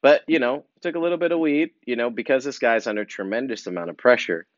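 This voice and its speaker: A man performing a rambling comic monologue, full of fillers and animated asides. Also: mid-range voice, fast talker, no room sound, lo-fi sound. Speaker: comedian.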